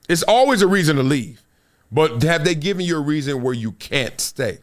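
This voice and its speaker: A man's voice: fairly high pitch, normal speed. A middle-aged man from Compton hosting a casual sports talk show, telling stories animatedly and reading viewer comments. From Compton, Los Angeles. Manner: animated storytelling, swings between loud and hushed. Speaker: show host.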